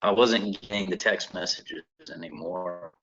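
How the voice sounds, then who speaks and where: A man's voice: deep voice, steady tone, measured pace, fairly bright tone. An American man, a construction lawyer, telling a personal story to a seminar audience in an earnest, conversational way with frequent restarts. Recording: dull lo-fi recording.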